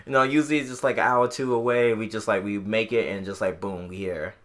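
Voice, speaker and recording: A man from Illinois co-hosting a podcast, telling a long, animated story in casual chat with many restarts. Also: lowish voice, quick pace. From Illinois, USA. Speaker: podcast co-host.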